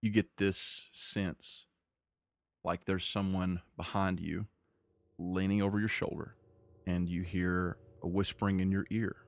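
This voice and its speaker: A man narrating as game master of a tabletop game, describing scenes in a measured way with frequent restarts. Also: deep voice, flat delivery, no echo.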